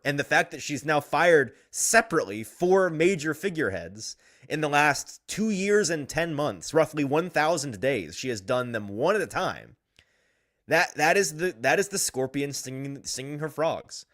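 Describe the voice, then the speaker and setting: A man hosting a sports talk show, reading out fan comments and ranting in an animated way with frequent chuckles. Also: mid-range voice, normal speed. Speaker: sports podcast host.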